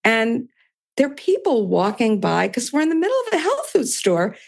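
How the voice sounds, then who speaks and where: A woman's voice: fairly high pitch, very animated, moderate pace, gravelly. An older woman, a podcast guest, telling a story in casual conversation and voicing both sides of past dialogue with small laughs.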